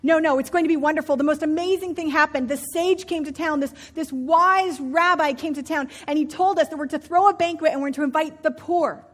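A woman voicing a poor, excitable laborer who talks in an eager, rushing way. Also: high voice, close to an everyday voice. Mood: excited.

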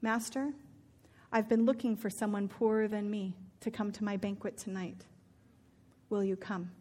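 A woman voicing a poor, excitable laborer who talks in an eager, rushing way. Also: medium pitch, lightly acted. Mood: quiet.

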